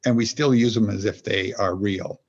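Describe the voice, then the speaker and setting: A man's voice: on the low side, moderate pace, husky, muffled recording. A man as a podcast guest, explaining ideas through storytelling, acting out little inner voices, often stopping to restart a thought. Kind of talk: conversational explanation.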